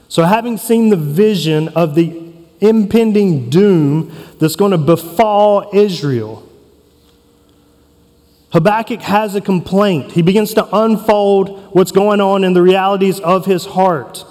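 A man preaching a sermon as pastor, earnest and emphatic, with dramatic pauses between phrases. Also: high voice, darkish tone. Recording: long reverb of a hall.

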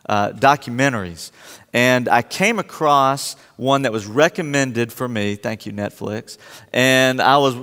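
A man telling a personal story to a live audience and acting out his own reactions in a lively, anecdotal way. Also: mid-range voice. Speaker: speaker addressing a live audience. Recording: long hall reverb.

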